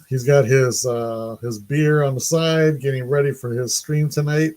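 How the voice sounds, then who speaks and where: A man's voice: medium pitch, fairly even intonation, unhurried, darkish tone. A middle-aged man hosting a casual live stream, chatting and laughing often.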